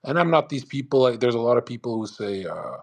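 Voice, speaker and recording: A brash man hosting a live audio chat, talking fast and profanely and mocking others with put-on voices. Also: mid-range voice, very animated, vocal fry. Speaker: host of a live audio space.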